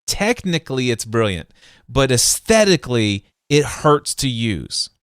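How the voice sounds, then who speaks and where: A man's voice: medium pitch, measured pace, smooth, no echo, studio quality. A man hosting a podcast, telling stories with enthusiasm, acting out sounds and voices, and often restarting his sentences. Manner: animated, acts out sounds and voices in anecdotes; frequent restarts and stumbles. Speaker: podcast host. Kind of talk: excited conversational storytelling.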